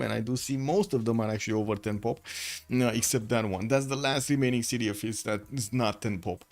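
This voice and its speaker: Man, mid-pitched voice, live game caster, rambling with fillers, soft music behind. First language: Romanian. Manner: chatty, thinks aloud with many fillers. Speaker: esports caster. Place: home room with the window shut.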